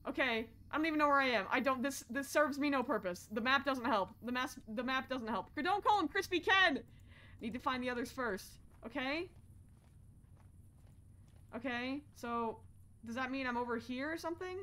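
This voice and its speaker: A young woman streaming horror games, jumpy and profane, swinging from low muttering to sudden shouts. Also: normal speed. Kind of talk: live-stream gameplay commentary.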